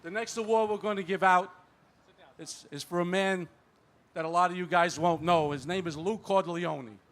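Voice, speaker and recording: A man with a high voice introduces an award winner. He mixes praise with light jokes as he speaks. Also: normal speed, fairly bright tone. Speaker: award presenter.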